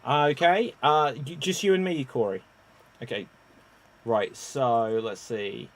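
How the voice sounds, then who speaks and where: A man hosting an online improv comedy show, animated and given to loud exclamations. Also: mid-range voice, slow pace. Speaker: improv game host.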